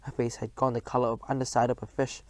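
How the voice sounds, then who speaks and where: A man reading a children's storybook aloud in a lively storytelling manner. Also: medium pitch, quick pace, dry recording. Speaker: narrator.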